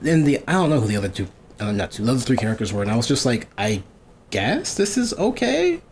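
A young man chatting casually on a podcast, telling stories and laughing often. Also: racing. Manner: animated, laughs often, voices quoted people with big pitch jumps. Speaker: podcast co-host. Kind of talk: casual storytelling chat. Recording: faint background noise.

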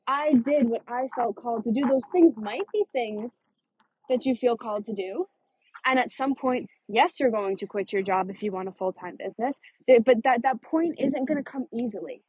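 A woman business coach in a casual motivational monologue, emphatic, swearing freely, with a fast, punchy delivery. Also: on the high side, darkish tone, a little hiss or hum.

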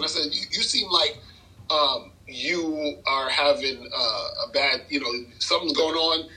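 Bright-voiced man telling a rambling story. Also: on the high side, normal speed, rough recording. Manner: loose, rambling, laughs often, many fillers and restarts. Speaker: podcast guest, dating coach. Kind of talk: casual storytelling chat.

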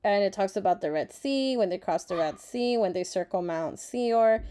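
Woman, casual devotional vlog, warm mellow tone, earnest and reflective, chatty with fillers. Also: mid-range voice, expressive, moderate pace. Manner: openly emotional and grateful. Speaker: Bible study vlogger. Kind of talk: casual Bible devotional reading.

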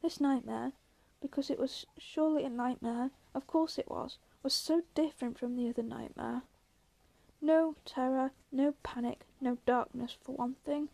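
A woman reads a novel aloud in a steady, measured storytelling voice. Her pitch is high and stays even throughout, and her tone is warm and mellow. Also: vocal fry, low-quality recording. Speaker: audiobook reader.

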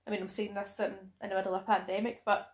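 A woman's voice: medium pitch, flat delivery. A Scottish woman co-hosting a podcast in a chatty, teasing way. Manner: chatty, teasing, quick laughs. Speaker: podcast co-host. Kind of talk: casual chat. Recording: echoey room.

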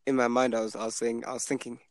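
He talks very fast with little pitch movement, a young podcast host telling stories in casual conversation and mimicking the people he quotes in a higher voice. The recording sounds rough.

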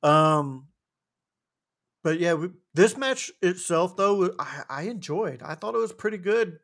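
Animated man recapping wrestling. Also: high-pitched, measured pace. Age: adult with a wife. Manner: rambling, animated, frequent restarts and fillers. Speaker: podcast co-host. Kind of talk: casual wrestling recap chat.

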